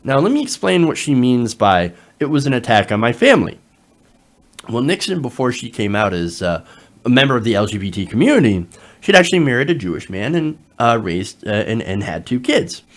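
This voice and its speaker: A man's voice: mid-range voice, big pitch swings, a little fast. A man hosting a political commentary show, reading from an article and adding sarcastic asides, with frequent fillers.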